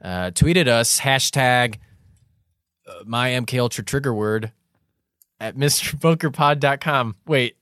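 A man's voice: medium pitch, a little slow, a bit bright, no room sound, clean studio sound. A man co-hosting a casual comedy podcast, telling a joking story in a loose, chatty way. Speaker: podcast co-host.

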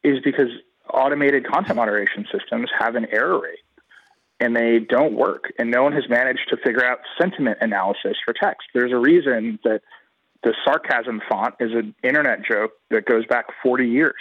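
Over a dull, lo-fi radio line, a man gives guest commentary in an interview, analytical and emphatic, speaking in long runs. His mid-range voice moves at a normal speed with no room sound.

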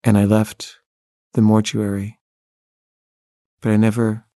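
A filmmaker telling a personal story in first person, wry and candid, laughing at himself. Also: male voice, lowish voice, monotone, slow, warm tone, dry recording, studio quality.

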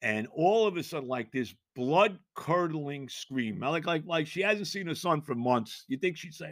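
A man in his sixties, hosting a podcast, tells a rambling, animated story in casual chat, repeating himself and laughing along the way. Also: a little high, normal speed, hardly any pauses, no room sound, clean studio sound. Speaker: podcast host.

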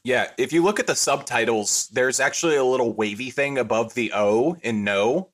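A man's voice: medium pitch, moderate pace, fairly bright tone. A man in a casual chat, laid-back, mostly making short remarks.

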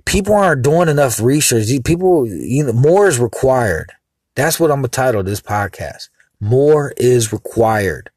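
Man, podcast host, rambling and hot-tempered, mid-pitched, dry close mic. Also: no room sound. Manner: rambling and heated, with vulgar asides. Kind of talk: casual monologue.

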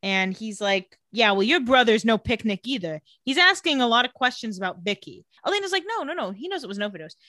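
A young adult woman co-hosting a casual chat, recapping a show and acting out characters' lines in quick little voices. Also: fairly high pitch, very animated, bright, forceful tone, no room sound. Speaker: podcast co-host recapping a TV episode.

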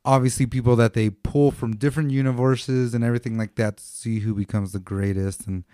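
A man's voice: mid-range voice, steady tone, a little fast, dark tone, no echo, studio quality. A man co-hosting a podcast, rambling loosely with lots of fillers and laughs. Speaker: podcast co-host. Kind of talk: casual chat.

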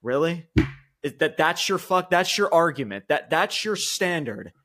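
A man co-hosts a wrestling podcast, ranting heatedly in a casual way, with plenty of swearing and repeated words. His voice is a little high and expressive, the pace a little slow, and his tone bright and forceful.

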